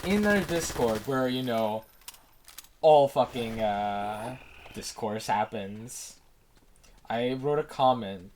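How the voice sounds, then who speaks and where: A man's voice: mid-range voice, lively intonation, slow pace, a little mellow, a little hiss or hum. A man co-commentating a game in a playful, teasing, sarcastic way. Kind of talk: casual let's-play commentary.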